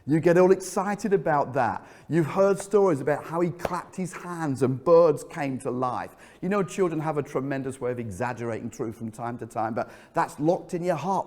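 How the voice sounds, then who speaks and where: Storytelling pastor in an echoing church. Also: male voice, moderate pace, few pauses. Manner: storytelling, vivid and animated, drops low for emphasis. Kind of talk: sermon. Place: church hall. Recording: church hall reverb.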